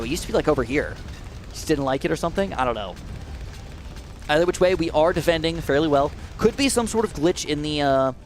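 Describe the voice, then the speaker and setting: A man hosting live gameplay commentary, excitable and talking straight to his viewers, swinging from low muttering to shrieks of alarm. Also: a little hiss or hum. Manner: addresses viewers directly. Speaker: gaming channel host.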